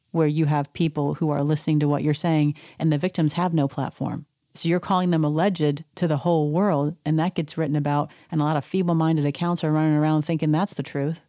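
A woman's voice: sits low, mellow, no room sound, clean studio sound. A woman recapping a reality show at home, indignant and sarcastic, mocking the cast in put-on voices. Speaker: podcast recap host. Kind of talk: casual chat.

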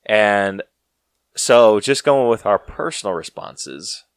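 Young male podcast host, easygoing and self-mocking, mid-pitched, dry close sound. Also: animated, slow, clean tone, no room sound. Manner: laid-back, laughs often, self-deprecating. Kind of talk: casual chat.

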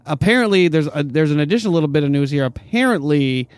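A man hosting a sports talk show, who reads out news reports briskly and then turns to banter with his co-hosts. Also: on the high side, expressive, no echo. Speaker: podcast host.

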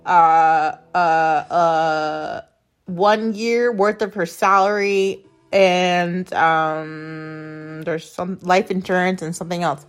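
Young woman podcaster rambling through her story, swears a lot, slow and blunt. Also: fairly low pitch, steady tone, clear, resonant tone, soft background music. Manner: rambling, profane and blunt, with repeated words. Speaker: podcast host. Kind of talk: casual storytelling monologue.

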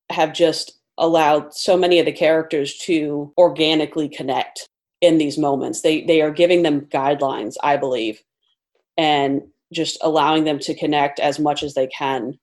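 A woman co-hosting a podcast, talking in a measured, thoughtful way. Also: low-pitched, darkish tone. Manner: measured, thoughtful, speaks slowly. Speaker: podcast co-host. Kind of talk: casual podcast chat.

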